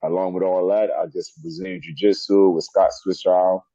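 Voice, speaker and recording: A middle-aged man, a wrestler guest in an interview, telling animated stories and laughing often. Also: deep voice, normal speed, no room sound. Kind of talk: storytelling interview. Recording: dull lo-fi sound.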